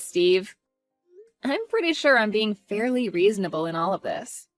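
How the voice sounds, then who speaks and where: A woman's voice: fairly high pitch, lightly acted. A woman playing a scornful, mocking wife. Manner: cold, mocking, cutting. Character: scornful wife confronting her cheating husband. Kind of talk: voiced story drama.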